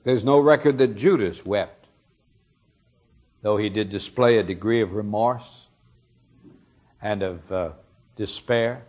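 A man's voice: lowish voice, slow pace, long pauses, darkish tone, dull audio. A man preaching a sermon, retelling a story earnestly and explaining it, his emphasis rising on key moments.

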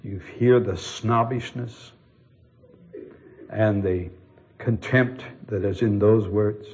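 A man preaching a sermon to his congregation in an earnest, expressive way, asking the listeners pointed questions. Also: fairly low pitch, slow, lo-fi sound, a little hiss or hum. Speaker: pastor.

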